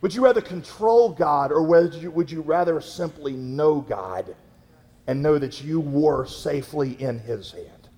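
A man preaching a sermon as a pastor, telling a story in a conversational way, halting with fillers and restarts. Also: a little high, animated, a little mellow, in a large hall.

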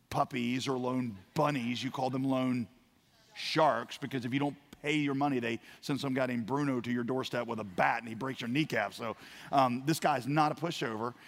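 Guy pastor telling a story in his sermon, goes quiet then loud, echoey church hall. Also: mid-range voice. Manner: storytelling, acts out voices, swings from quiet to loud. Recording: long hall reverb.

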